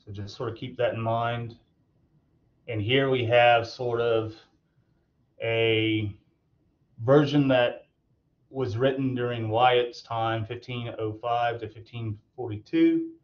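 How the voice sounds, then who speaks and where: Halting man giving a recorded lecture. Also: mid-range voice, steady tone, lo-fi sound. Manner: loose, halting, with many fillers. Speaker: tutor.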